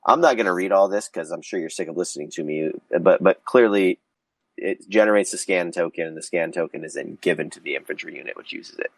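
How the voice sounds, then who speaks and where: A deep-voiced man with a cold hosts a casual podcast, reading rules questions aloud and tossing in sarcastic asides. The sound is dry and close, with no room around it. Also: brisk, dry recording, rough recording. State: has a cold. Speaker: podcast host.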